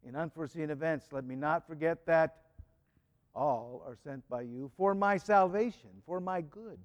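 A man's voice: fairly high pitch, moderate pace, big-room sound, muffled recording. A man preaching a reflective homily and reading church prayers aloud with rising emphasis. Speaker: priest.

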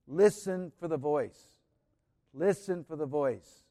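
A male preacher delivering a sermon in a fairly high voice at an unhurried, deliberate pace. He talks earnestly, repeats his key phrases and often sinks into soft, hushed tones. The sound carries the long reverb of a large church. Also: animated.

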